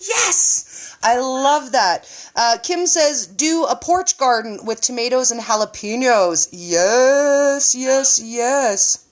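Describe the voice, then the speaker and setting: A woman hosting a casual live-stream chat, reading viewer comments aloud in an animated way. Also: high voice, takes it slowly, poor audio. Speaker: live show host. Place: home.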